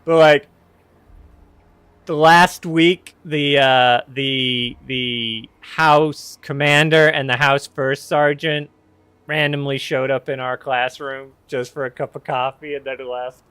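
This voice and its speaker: A man's voice: medium pitch, fairly even intonation, slow, fairly bright tone, clear, resonant tone, no echo. A man casually telling a personal story on his podcast, rambling and correcting himself with wry candor.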